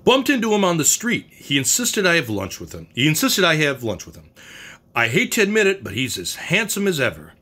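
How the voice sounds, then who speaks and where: Man putting on a brash scheming husband, hearty and pushy, raised pitch, big swings in tone. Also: wildly swooping pitch, brisk, sharp tone, heavily acted.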